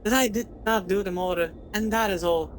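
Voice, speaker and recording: A woman's voice: medium pitch, brisk, slight background noise, lightly acted, low-quality recording. A woman voicing a solemn male woodcutter who speaks in stiff, archaic, formal phrasing.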